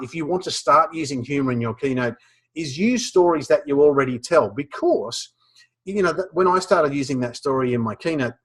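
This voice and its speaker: A man's voice: mid-range voice, a bit bright, slightly rough. An Australian man presenting a webinar, telling a funny story with lots of restarts and fillers. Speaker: professional speaker teaching a webinar.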